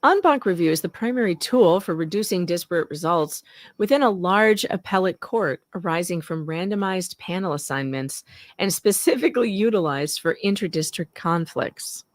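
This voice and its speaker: A woman's voice: lowish voice, moderate pace, dry recording, studio quality. A woman co-hosting a casual legal talk show, reading a court motion aloud and laughing and teasing between passages. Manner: lively, laughs often, teasing. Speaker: podcast co-host.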